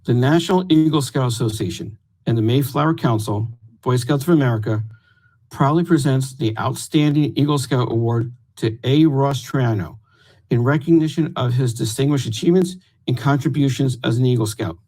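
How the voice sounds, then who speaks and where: A man in his fifties presenting an award, reading a prepared citation in a steady, formal way. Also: medium pitch, normal speed, low-quality recording. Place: home room, virtual event.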